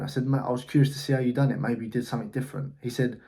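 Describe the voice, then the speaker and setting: A man's voice: mid-range voice, fairly even intonation, rapid-fire, few pauses, mellow. A man, an agency owner telling a story in a casual vlog, blunt and swearing freely. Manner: blunt, swears freely, recounts a frustrating call.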